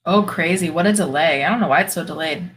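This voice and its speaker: A woman's voice: fairly low pitch, fast, a bit bright, poor audio. A woman hosting a live stream, chatting casually as she answers viewers' questions and laughs often. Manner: chatty, laughs often, reacts to chat comments. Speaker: host of a spiritual live stream.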